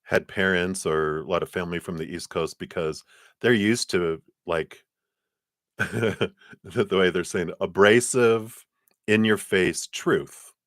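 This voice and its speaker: A man giving a live-streamed tarot reading in a chatty, animated way, laughing often as he tells stories. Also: deep voice, takes it slowly, dry recording, clean studio sound. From lives in Colorado. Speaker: tarot card reader.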